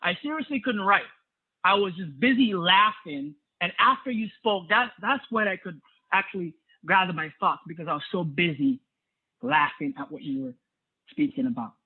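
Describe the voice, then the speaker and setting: A man's voice: sits high, normal speed, breathy edge. A man giving an enthusiastic spoken evaluation of a club speech over a video call. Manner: enthusiastic, praising. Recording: tinny phone-like audio.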